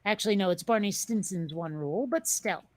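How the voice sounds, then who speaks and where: A woman's voice: medium pitch, brisk, darkish tone, no room sound. A woman hosting a casual chat show, talking in a rambling, chatty way with lots of fillers and restarts. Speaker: podcast host.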